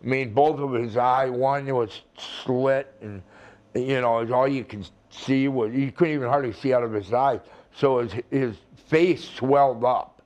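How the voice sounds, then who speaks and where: Older man, unhurried drawl, rambling, salty storyteller, acts out the voices. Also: medium pitch, fairly even intonation, a little mellow. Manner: slow, rambling storytelling with profanity and acted-out quotes. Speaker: retired wrestler, interview guest. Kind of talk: storytelling shoot interview.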